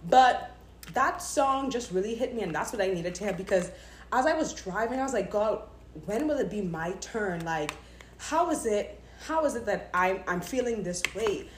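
A woman speaks in a candid devotional podcast at home, her voice sitting fairly high. She tells her story with open emotion, and her voice lifts sharply when she retells her prayers. The phone recording catches a roomy echo. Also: slight background noise. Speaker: faith podcaster. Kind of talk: casual devotional talk. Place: at home, just came in the door.

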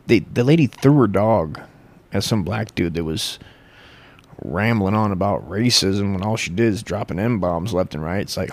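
A man's voice: lowish voice, creaky. A man rambling through a crude, profane comic monologue, stumbling and correcting himself as he goes.

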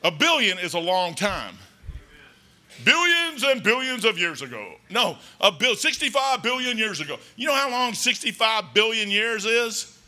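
A man's voice: sits high, sing-song, normal speed, bright, forceful tone. A man preaching a folksy, rambling sermon in a church, talking emphatically and conversationally.

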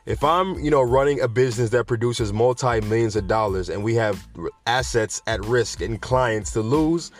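A man hosting a news show, talking in an animated, slangy, digressive way and addressing viewers directly. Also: mid-range voice. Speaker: host of a cannabis news show. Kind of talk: casual news commentary with rants.

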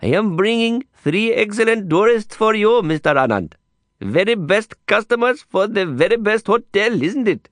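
A man doing an eager high street guide. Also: big pitch swings, normal speed, fairly bright tone, no echo. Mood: cheerful. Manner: pleading, eager, chattering. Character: excitable small Indian male street guide.

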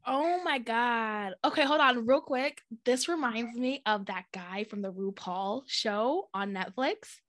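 A woman's voice: on the high side, measured pace, hardly any pauses, fairly bright tone, no echo, studio quality. A young woman co-hosting a podcast in casual chat, blunt and exclaiming, prone to tangents. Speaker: podcast co-host.

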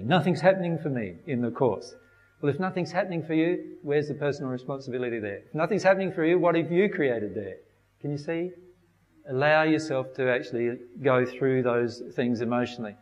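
A man giving an informal spiritual talk to a group, speaking conversationally and often checking in with his listeners. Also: mid-range voice. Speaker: spiritual teacher. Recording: dull sound with long hall echo.

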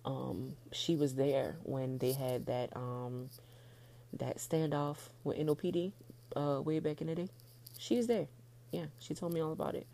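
A woman's voice: low voice, fairly even intonation, a little slow, gravelly, mellow. A woman hosting her own podcast in a casual, frank solo chat, laughing often and getting emotional. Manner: heartfelt, gets emotional. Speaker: podcast host.

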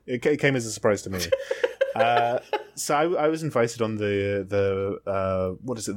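A man co-hosting a podcast in casual chat, joking and self-mocking, often stopping and restarting mid-sentence. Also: mid-range voice. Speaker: podcast co-host.

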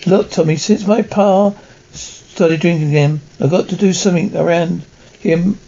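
A man's voice: high voice, steady tone, normal speed, gravelly, warm tone. A man voicing a young farm girl who does all the work, in a plain matter-of-fact read, on a dull lo-fi recording.

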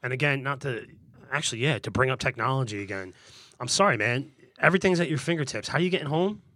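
Fast-talking blunt man. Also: medium pitch, lively intonation, pushed and bright, dry recording. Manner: blunt and profane, pushes his point hard. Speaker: debater on a podcast panel. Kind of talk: casual argumentative banter.

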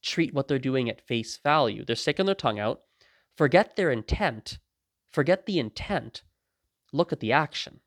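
A podcast host delivers a casual monologue in a mid-range voice at moderate pace, recorded dry with clean studio sound. He is animated, acts out the voices of people in his stories, and laughs often.

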